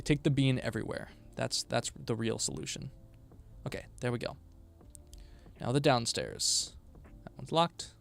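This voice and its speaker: A man's voice: mid-range voice, expressive, normal speed, gravelly. A tired man chatting casually on a live stream while building a game, often mumbling to himself.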